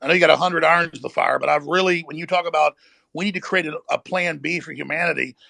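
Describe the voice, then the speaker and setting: A man hosting a heated political talk, ranting fast and emphatically. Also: fairly high pitch, fairly even intonation, gravelly, pushed and bright, no room sound. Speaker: host.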